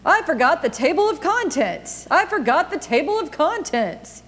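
A woman's voice: high voice, big pitch swings, moderate pace, a bit bright, long reverb tail, voice pushed up. A woman voicing a flustered male storybook narrator who interrupts in an urgent, fussy way.

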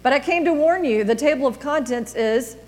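Woman doing a flustered male narrator, fussy, urgent, somewhat high voice. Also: a little fast, darkish tone, in a large hall, close to an everyday voice.

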